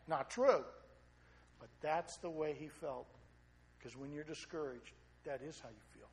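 A middle-aged male pastor preaching a sermon, swinging between loud excited storytelling and quiet, low asides. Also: measured pace, pauses often.

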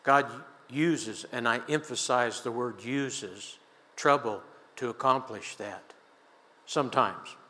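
An older preacher's bright, forceful mid-range voice carries slowly through a large sanctuary's long reverb. His sermon mixes scripture with a folksy personal anecdote, told with easy chuckles.

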